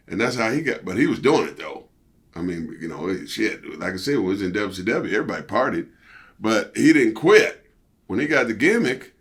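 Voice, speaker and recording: A middle-aged man, a former pro wrestler, telling stories in a casual interview, animated and profane, peppered with "you know" and "see". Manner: animated storyteller, jumps high for quoted outbursts.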